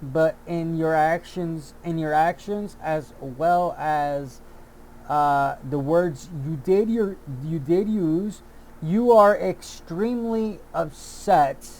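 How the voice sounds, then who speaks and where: A man with a fairly high voice delivers an angry commentary rant at a slow, deliberate pace. He swears freely, circles back over the same points and keeps restarting his sentences. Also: a little mellow, slight background noise. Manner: heated, profane, repeats himself and restarts often. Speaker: YouTube commentator.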